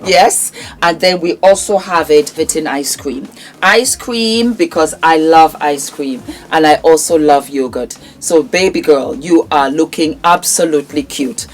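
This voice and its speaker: A woman's voice: low voice, unhurried. A woman vlogger presenting a bag from her own brand to camera, calling viewers "darling" and repeating her selling points with emphasis. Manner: warm, affectionate, calls viewers darling; emphatic, repetitive sales patter. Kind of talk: product showcase to camera.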